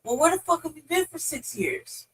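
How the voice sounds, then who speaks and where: A woman's voice: sits high, lively intonation, moderate pace, fairly bright tone, poor audio. A woman co-hosting a podcast in casual chat, blunt and swearing freely, often restarting her sentences. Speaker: podcast co-host.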